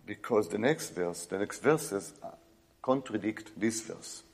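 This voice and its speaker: A male preacher giving an emphatic sermon, swinging between loud exclamations and quiet asides. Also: on the low side, animated, unhurried, vocal fry, slightly rough, in a large hall.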